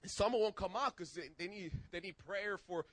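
A man preaching a sermon and telling testimony stories in casual slang, getting excited and shouting as he goes. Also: high voice, normal speed, no echo, low-quality recording. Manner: excitable, shouts when worked up; casual street slang, restarts.

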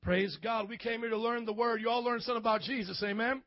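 A man with a very high voice preaches a sermon, calling on the congregation to answer back and building into shouts. The sound is dry and close, with a dull, muffled top end. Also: steady tone, quick pace, dry recording. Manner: preaching with call-and-response, swelling to shouts. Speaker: pastor. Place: church.

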